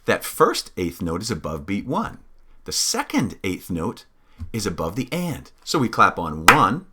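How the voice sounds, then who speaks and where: Patient man counting rhythms in a lively sing-song. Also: sits low, a little slow, husky. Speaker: music teacher. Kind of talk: counting-along music lesson.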